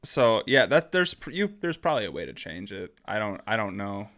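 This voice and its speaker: A young man co-hosting a podcast in casual chat, talking haltingly with many restarts and laughs. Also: on the low side, sing-song, bright, forceful tone. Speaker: podcast co-host.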